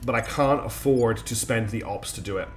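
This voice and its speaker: A man's voice: medium pitch, moderate pace, soft background music. A man with a mixed British accent that carries Scottish and Australian traces. He gives live game commentary, thinking aloud with many fillers. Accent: mixed British English with Scottish and Australian traces. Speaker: streamer.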